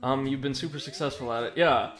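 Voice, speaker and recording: A man's voice: medium pitch, fairly quick, fairly bright tone. A young man casually commenting on a video game while reading viewer messages aloud. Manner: rambling, chatty, reads chat aloud. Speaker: livestream gamer.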